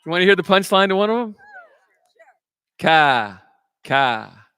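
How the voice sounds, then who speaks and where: A man's voice: sits high, fairly even intonation, racing, sharp tone, smooth, no echo. A man from California who is a singer-songwriter, chatting and telling self-mocking jokes between songs at a live show. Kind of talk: stage banter and joke-telling between songs.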